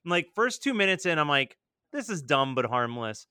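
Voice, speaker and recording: A man in his thirties co-hosting a casual chat show, animated and swearing freely as he riffs. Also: fairly high pitch, moderate pace, clean tone, no echo, studio quality. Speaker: podcast co-host.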